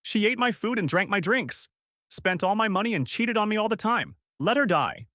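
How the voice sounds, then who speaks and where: A man voicing a young office worker who rants, raised high, about the girlfriend who dumped him. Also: animated, normal speed, bright, forceful tone, dry recording, clean studio sound. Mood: angry rant. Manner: ranting then taunting. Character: young man dumped and furious, later mocking.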